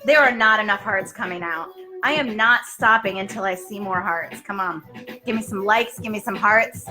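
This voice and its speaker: A woman hosting a live stream, bubbly and excitable, chatting with her viewers. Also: medium pitch, a little slow. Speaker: fitness business show host. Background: faint music.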